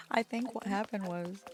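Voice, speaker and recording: A woman's voice: medium pitch, a little hiss or hum. A woman streamer chatting casually while gaming, telling rambling stories, swearing freely and laughing often.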